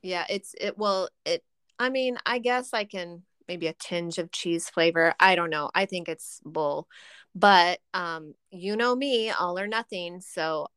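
A middle-aged woman co-hosting a podcast in casual chat, animated and giggly, exclaiming with surprise. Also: lowish voice, a little slow, clean tone, no echo. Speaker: podcast co-host.

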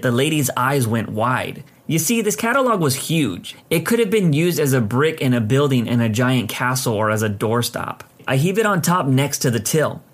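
A man narrating a first-person story in an even, measured scripted reading. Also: mid-range voice.

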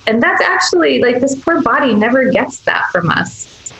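An earnest woman talks as a guest doctor in a podcast interview, her voice gravelly with fry. She is emphatic and often slips into soft, caring quoted asides. The call audio sounds roomy and echoey. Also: fairly high pitch, big pitch swings, moderate pace.

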